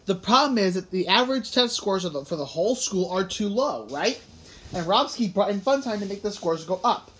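A woman's voice: mid-range voice, animated, brisk, close to an everyday voice. A woman voicing an earnest, odd schoolboy who speaks solemnly, in an audiobook reading.

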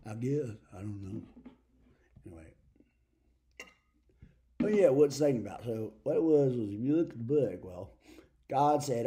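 A man with a Southern accent rambles through a comic preacher monologue in a folksy, meandering way. His voice is mellow and unhurried in tone, sitting at an ordinary pitch. He slides in and out of little quoted voices as he spins the tale. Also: expressive. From Texas.

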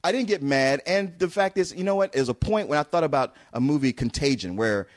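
Man, slightly high voice, blunt joking film reviewer, casual chat, crude wisecracks. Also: expressive, brisk. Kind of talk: casual roundtable movie review.

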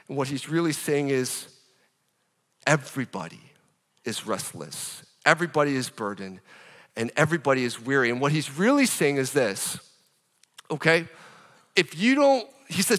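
A man preaching a sermon as pastor, in an animated, conversational way, with rhetorical questions. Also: a little high, unhurried, pauses often, in a large hall.

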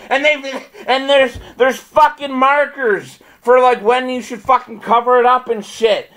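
A man's voice: extremely high pitch, steady tone, unhurried, hardly any pauses, pushed and bright, poor audio. A man ranting at length in a profane, rambling, repetitive vlog, with bursts of frustrated laughter. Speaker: vlogger. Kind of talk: angry ranting monologue.

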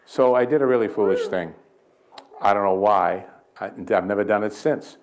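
A man's voice: on the low side, moderate pace, heavy background noise. A man preaching at a church healing service, mixing folksy stories and jokes with short prayers. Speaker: guest healing evangelist. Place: church sanctuary.

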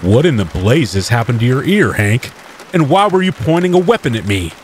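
Guy doing a gruff small town police chief, blunt, rain pattering faintly behind. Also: mid-range voice, sing-song, normal speed, slight background noise, voice pushed up, natural voice.

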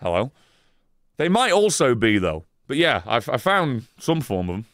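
A man's voice: mid-range voice, sing-song, moderate pace, fairly bright tone, no room sound. A man casually chatting on a live stream, rambling and swearing, laughing often as he reads chat.

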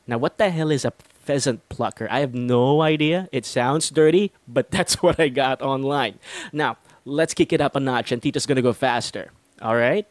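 A man's voice: medium pitch, moderate pace, no room sound. A man teaching English pronunciation in a chatty, self-deprecating way, close to the microphone. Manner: chatty, self-deprecating, refers to himself in third person. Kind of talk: online pronunciation lesson.

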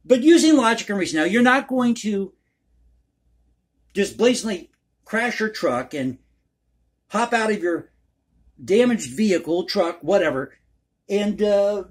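In a one-take political commentary vlog, a man with a high, slightly rough voice rambles in a folksy, conspiratorial fashion. He's opinionated and refers to viewers as folks.

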